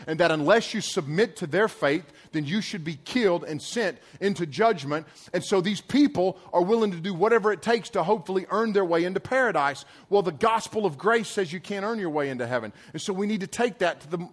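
High-voiced chatty man preaching. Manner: chatty, storytelling, slangy asides. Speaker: pastor. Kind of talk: sermon to a youth audience.

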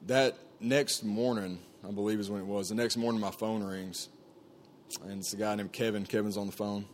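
A man's voice: fairly low pitch, fairly even intonation, moderate pace, slight background noise. A man telling his personal testimony to a group in an earnest, conversational way, with frequent fillers and restarts. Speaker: camp staff speaker sharing his testimony.

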